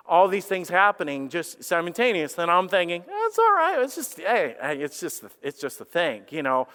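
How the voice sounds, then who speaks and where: A middle-aged man preaching a sermon, telling a personal story with animated restarts and acted-out quotes. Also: on the high side, smooth. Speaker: pastor. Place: church sanctuary. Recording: reverberant church hall.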